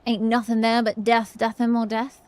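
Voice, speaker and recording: A woman voicing a gruff, loud male pirate sailor in a video game, talking in a rough, blustery way. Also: on the high side, little pitch movement, normal speed, close to an everyday voice.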